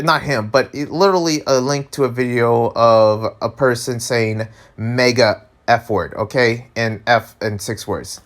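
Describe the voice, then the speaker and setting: A man vlogging in a casual rant, animated and exasperated, laughing often and tripping over his words. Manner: animated, exasperated, pitch jumps high when worked up.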